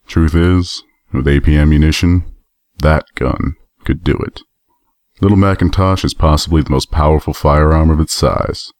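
A man's voice: very deep voice, fairly even intonation, normal speed, darkish tone, dry recording, studio quality. A man playing a battle-worn armored stallion soldier who talks in a weary, matter-of-fact way. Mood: grim, reminiscing. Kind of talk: audio drama acting.

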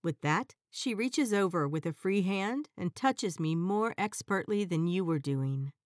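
A woman narrating an erotic audio story in a soft, even, intimate storytelling voice. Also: mid-range voice, measured pace, no room sound, clean studio sound.

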